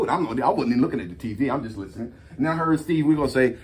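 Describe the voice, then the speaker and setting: A man hosting a casual talk, reading points from a list and breaking off into animated, slangy stories told straight to his audience. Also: mid-range voice, quick pace, few pauses. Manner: animated storytelling, slangy, addresses audience as y'all. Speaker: host.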